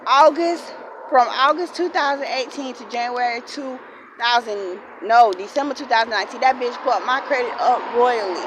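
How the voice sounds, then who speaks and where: A woman's voice: on the high side, moderate pace, noisy background. Blunt, profane woman in her forties venting. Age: 40s. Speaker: vlogger. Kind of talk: unscripted storytime rant to camera.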